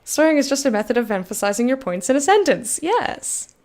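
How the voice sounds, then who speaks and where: Animated and fast, this woman's voice is a little high and a little mellow. Streaming a game, she reads its text aloud and chats frankly with viewers in a casual let's-play, swearing freely.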